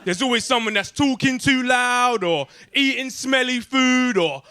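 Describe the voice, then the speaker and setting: A young man with a London accent doing a stand-up set in a comedy club, animated and streetwise, tagging lines with questions. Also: very high-pitched, unhurried, no echo, a faint crowd.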